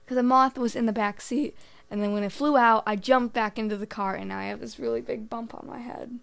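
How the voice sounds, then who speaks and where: A woman's voice: on the high side, steady tone, fairly quick, gravelly. A teenage girl guesting on a casual podcast, telling mishap stories in a laid-back way. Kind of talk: casual storytelling chat.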